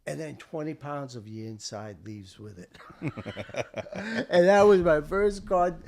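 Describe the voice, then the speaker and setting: An older American man, a veteran, telling a war story in casual chat, swearing freely and acting out what people shouted. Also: fairly high pitch, a little slow, background noise. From United States. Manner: animated, swearing, acts out shouted quotes. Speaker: veteran guest.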